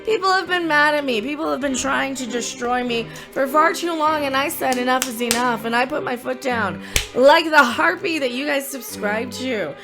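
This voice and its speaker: A woman's voice: high-pitched, moderate pace. A woman hosting a commentary vlog, ranting in a sarcastic, theatrical way. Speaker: commentary channel host. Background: background music.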